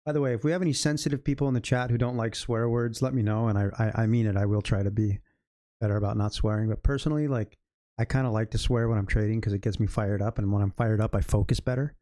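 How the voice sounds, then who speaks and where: A man's voice: lowish voice, fairly even intonation, fast talker, mellow, dry recording, studio quality. A man live-streaming his day trading, talking loosely to himself and his chat and swearing freely. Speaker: day trader livestreaming.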